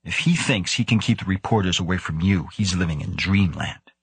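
Jovial older male colleague, teasing, wry, husky voice, read by a male narrator. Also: sits low, brisk, dry recording, exaggerated voice.

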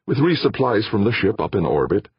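A man's voice: on the low side, sing-song, fairly quick, husky, no echo, highs cut off, pitched above the performer's own voice, full character voice. A man voicing a proud, hearty male roboticist who speaks eagerly and emphatically.

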